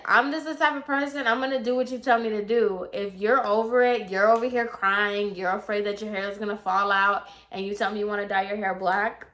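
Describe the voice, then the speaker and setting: Bright-voiced young woman telling a chatty story. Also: medium pitch, steady tone, brisk, hardly any pauses. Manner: chatty, lots of filler "like" and "you know". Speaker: hairstylist. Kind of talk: casual storytime chat.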